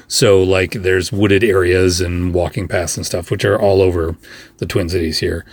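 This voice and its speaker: A man's voice: low voice, level tone, breathy edge, no echo. A man hosting a podcast, telling a behind-the-scenes story in a casual, chatty monologue full of asides and fillers. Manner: chatty, rambling, with frequent fillers and quick asides. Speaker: podcast host.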